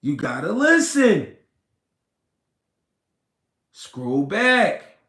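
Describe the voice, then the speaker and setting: A man hosting a casual livestream, reading comments and talking slow and deliberate, repeating himself and swearing. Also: high-pitched, very animated, fairly bright tone. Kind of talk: casual livestream talk about boxing. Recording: roomy echo.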